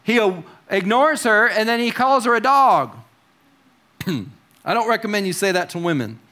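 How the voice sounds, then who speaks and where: Male preacher, high voice, casual sermon with wry asides and questions to the congregation. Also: expressive, unhurried, bright, forceful tone. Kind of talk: conversational sermon.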